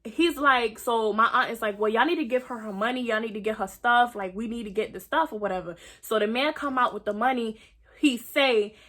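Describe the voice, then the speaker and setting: Young woman, bright, somewhat high voice; dramatic storytime vlogger who swears a lot. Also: fairly quick. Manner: dramatic retelling, acts out quotes, swears freely. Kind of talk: animated storytime.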